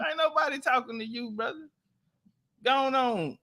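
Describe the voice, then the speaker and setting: A man's voice: very high-pitched, moderate pace, bright, forceful tone, dry recording. A man giving casual, profane commentary on clips, laughing and mocking as he talks. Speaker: online commentator.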